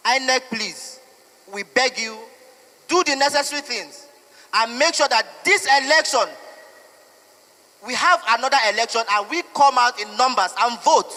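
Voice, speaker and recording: A man's voice: extremely high pitch, animated, moderate pace, pushed and bright, big-room sound. A young Nigerian man giving an emotional, defiant statement, pleading and declaring. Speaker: protester. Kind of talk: impassioned street statement.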